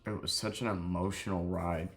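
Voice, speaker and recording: A young man telling a sad story in a halting, grieving way, close to crying, in a confessional vlog. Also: deep voice, fairly even intonation, a bit bright. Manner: halting, heavy with grief, self-critical. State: near tears. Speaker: vlogger.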